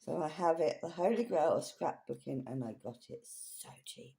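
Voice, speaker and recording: A woman chatting casually through a craft haul, rambling and correcting herself as she goes. Her voice is low and mellow, with lively swings in pitch. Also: normal speed, vocal fry. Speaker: craft vlogger.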